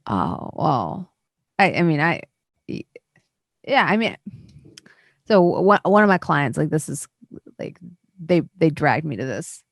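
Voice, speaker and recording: Woman playing a jittery young accountant man, stammering, low gravelly voice, dry sound, tabletop role-play. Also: sing-song, takes it slowly, long pauses, no echo, exaggerated voice. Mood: awkward. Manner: hesitant, stammering, full of fillers. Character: nervous young male accountant at a party.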